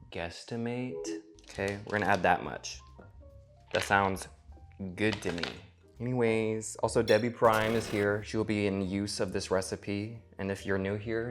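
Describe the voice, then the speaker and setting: Sarcastic, swearing man in a cooking vlog. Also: lowish voice. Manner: sarcastic, profane, theatrical asides. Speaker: cooking vlogger. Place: home kitchen. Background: faint music.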